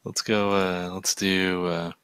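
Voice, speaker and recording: A man hosting an art livestream who chats casually and tells a rambling, animated story. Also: sits low, slow, gravelly, clear, resonant tone, dry recording. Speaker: livestream art show host. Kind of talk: casual banter while drawing.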